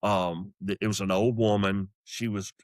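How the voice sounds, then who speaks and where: A middle-aged Southern man with a low voice and a Southern accent tells a comedy story in a casual, animated way. His voice sounds dry and close, and he slips into quoted voices along the way. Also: moderate pace, dry recording. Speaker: comedian guest.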